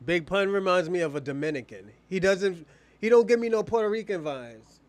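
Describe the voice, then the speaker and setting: A man's voice: high-pitched, expressive, brisk. A man co-hosting a livestream in casual chat, rambling and profane, often restarting his sentences.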